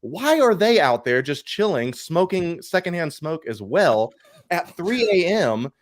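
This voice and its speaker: A tired man co-hosting a casual collecting show, telling an animated story and swearing freely. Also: a little high, a little slow, no echo, studio quality. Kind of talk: casual podcast chat.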